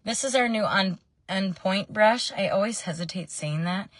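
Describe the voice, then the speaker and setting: A chatty woman in her thirties talks through a makeup tutorial from her parked car, drifting into family stories. Her voice sits at an ordinary middle pitch. The recording is close and dry. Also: normal speed, hardly any pauses, fairly bright tone, no echo. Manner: chatty and meandering, with frequent ums. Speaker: makeup vlogger. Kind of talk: casual makeup tutorial chat.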